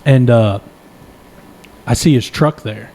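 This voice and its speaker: Mellow-voiced young man telling a story. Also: medium pitch, slow pace. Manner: animated, profane, rambling anecdote; self-deprecating, laughs often. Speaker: podcast co-host. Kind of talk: casual storytelling chat.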